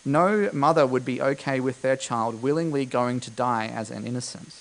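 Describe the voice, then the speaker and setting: A man preaching to a congregation at a middle pitch, relaxed and conversational. He explains scripture, pausing on frequent fillers and putting questions to his listeners. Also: low-quality recording. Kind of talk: sermon.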